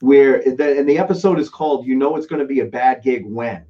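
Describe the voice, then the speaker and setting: A man's voice: medium pitch, brisk. A male comedian hosting a podcast, telling stories in casual banter and slipping into voices when he quotes people. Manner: animated, does voices when retelling stories. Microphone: laptop mic. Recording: dull lo-fi laptop recording.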